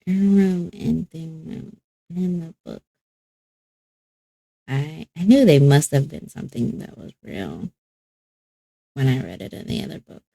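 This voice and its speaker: A woman's voice: sits low, big pitch swings, unhurried, vocal fry, long pauses, mellow, no echo. A woman casually commenting while playing a game, musing aloud about what she sees. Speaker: gameplay streamer. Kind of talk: casual let's-play commentary.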